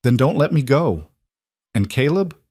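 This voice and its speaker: A man's voice: mid-range voice, big pitch swings, a little slow, darkish tone, no echo, pitched above the performer's own voice. A man voicing a stubborn, frightened young woman who argues back, with a dry close sound. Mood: pleading.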